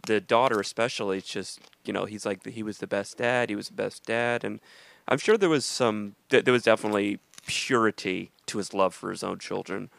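Podcast co-host, American man, gravelly low-ish voice, rambling and chatty. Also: a little fast, a bit bright, no room sound. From United States. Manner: chatty, rambling, laughs easily. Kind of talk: casual chat. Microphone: studio mic at a soundboard.

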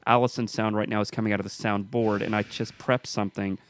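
A man with a low, smooth, resonant voice hosts in casual chat. He jokes wryly and apologizes easily. The sound is dry and close. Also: flat delivery, quick pace, no echo. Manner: joking, apologetic. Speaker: podcast host and sound engineer.

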